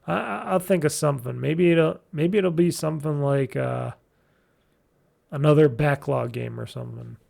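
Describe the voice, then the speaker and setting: A man's voice: on the high side, moderate pace, vocal fry, a little mellow. A man hosting a gaming podcast, reviewing games in a loose, chatty way with lots of fillers and restarts. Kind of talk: casual rambling game review.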